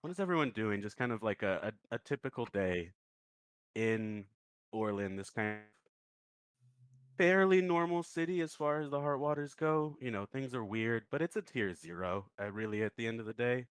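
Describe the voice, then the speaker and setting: A man running a tabletop game as game master, telling the story in a relaxed, easygoing way. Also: medium pitch, normal speed, clear, resonant tone, dry recording.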